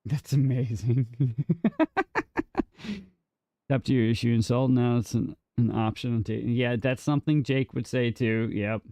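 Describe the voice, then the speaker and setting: A man's voice: medium pitch, fairly even intonation, measured pace, long pauses, mellow, no room sound, studio quality. A man streaming a game, casually bantering with his chat and teasing them in a mock-defensive way, with some casual swearing. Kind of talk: casual live gameplay chat.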